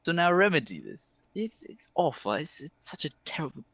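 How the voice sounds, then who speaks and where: A theatrical male drow elf villain, all silky sweetness and drawn-out gushing, as a man puts him on. His pitch leaps high and swoops around, and the sound is dry and close. He is a fussy tabletop game baddie who flaps his wrists as he talks. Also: very animated, a bit bright, no echo, heavily acted. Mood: theatrically regretful.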